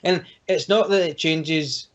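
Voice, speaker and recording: A man's voice: on the high side, unhurried. A man co-hosting a casual podcast chat over an online call, rambling and joking and laughing often. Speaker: podcast co-host. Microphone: home computer microphone on an online call. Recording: muffled lo-fi call audio.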